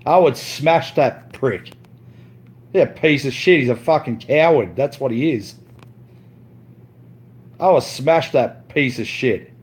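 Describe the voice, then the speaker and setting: A man vents on his live stream in a slow, deliberate drawl. His trash talk is crude and boastful, loops back on itself and is peppered with "mate". He often stumbles and restarts his sentences. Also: medium pitch, lively intonation. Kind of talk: ranting live stream monologue.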